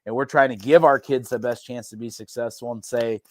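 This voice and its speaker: Casual rambling coach, dry sound. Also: male voice, mid-range voice, a little fast, no room sound. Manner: relaxed, rambling, frequent restarts and fillers. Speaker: head football coach, guest. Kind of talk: casual podcast conversation.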